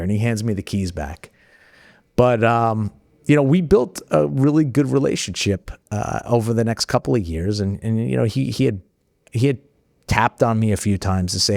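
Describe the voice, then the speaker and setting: A man telling personal stories as a podcast guest, conversational and animated, jumping higher when he acts out dialogue. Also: a little fast, creaky, no echo, clean studio sound. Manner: animated when acting out dialogue, frequent restarts. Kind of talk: conversational storytelling.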